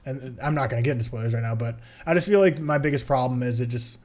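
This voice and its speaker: A man's voice: medium pitch, quick pace, a little mellow. Rambling man reviewing a film. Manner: rambling, many filler words. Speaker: podcast co-host. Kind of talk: casual film review chat.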